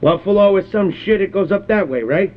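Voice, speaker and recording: A man's voice: sits high, animated, fairly quick. A man voicing a crude, hot-tempered, foul-mouthed middle-aged rural man who rambles and curses nonstop in a prank call. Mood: gruff, ranting. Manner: rambling, cursing constantly, belligerent. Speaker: prank caller. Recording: phone-line prank call recording.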